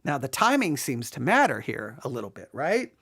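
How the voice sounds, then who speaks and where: A Bible teacher giving an exegetical study, talking in an animated way, acting out quoted lines and often restarting sentences. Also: mid-range voice, moderate pace, breathy edge. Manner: animated, acts out quoted speech, frequent restarts.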